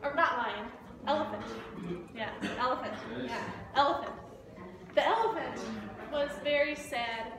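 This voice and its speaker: A woman's voice: sits high, lively intonation, unhurried, far from the mic, crowd noise. A woman teacher telling a simple story to language learners, repeating key words over and over. She recorded in an echoey room a little away from the mic. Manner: simple, repetitive retelling. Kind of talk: slow story-listening lesson.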